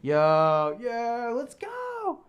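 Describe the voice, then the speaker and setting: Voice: medium pitch, huge pitch swings, very slow, smooth, dull audio. Giggly rambling streamer. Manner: rambling and giggly, full of fillers. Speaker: live streamer. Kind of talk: casual chat reading comments on a live stream. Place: home streaming room.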